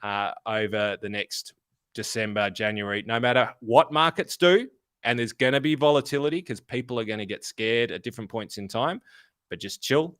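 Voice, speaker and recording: An Australian man co-hosts a casual finance talk, blunt and freely swearing with animated asides. His voice sits at an ordinary pitch. The sound is dry and close, with no room around it. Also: normal speed, clean tone, no echo. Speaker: podcast co-host.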